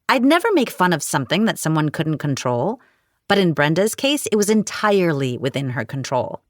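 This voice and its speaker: A woman reads a romance audiobook in the first person with a wry, expressive touch. Her voice sits a little low but moves with lively, animated intonation. The recording is dry and close. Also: no room sound. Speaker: audiobook narrator.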